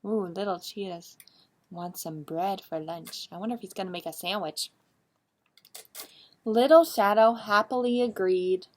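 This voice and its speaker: A woman librarian reading a picture book aloud at children's story time, asking the young listeners animated, coaxing questions. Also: medium pitch, a little slow. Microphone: streamed live.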